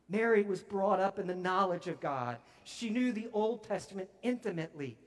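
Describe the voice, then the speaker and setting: A man preaching a sermon as pastor, emphatic and swinging from near-whispers to booming declarations. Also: expressive, normal speed, few pauses.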